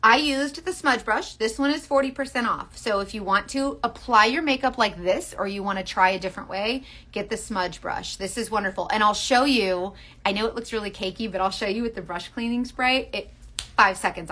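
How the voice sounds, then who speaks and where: A woman's voice: mid-range voice, a little fast, pushed and bright. A woman selling makeup on a live stream, chatty and earnest, talking straight to her viewers and often restarting her sentences. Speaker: makeup seller.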